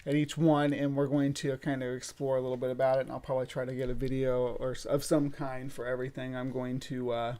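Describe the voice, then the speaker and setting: A man hosting a casual late-night livestream from a room at home, talking in a halting, rambling way full of filler sounds. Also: medium pitch, flat delivery, dark tone. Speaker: streamer hosting a late-night bug stream. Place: home room set up for streaming.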